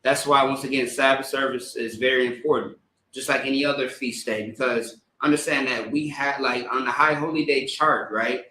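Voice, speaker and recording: A man leading a religious service, reading scripture haltingly with stammered repeats, then preaching in a casual, rambling way. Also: mid-range voice, fairly even intonation, sharp tone, a little hiss or hum. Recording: echoey room.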